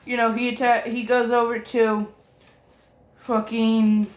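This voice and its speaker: A man talks through a fan-made story in loose, rambling fashion, peppering it with curses, ums and quick apologies. His delivery is slow and unhurried. The recording sounds roomy and echoey. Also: extremely high pitch, little pitch movement. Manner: rambling, profane, full of fillers and apologies.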